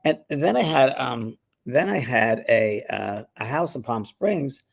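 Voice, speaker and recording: A man with a gravelly, husky voice tells stories in a relaxed chat, slipping into the voices of the people he quotes. His pitch sits in a plain middle range, and he laughs easily as he talks. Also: measured pace. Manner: chatty storyteller, acts out quoted voices, laughs often. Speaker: spiritual medium and show host. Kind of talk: casual chat, anecdotal storytelling.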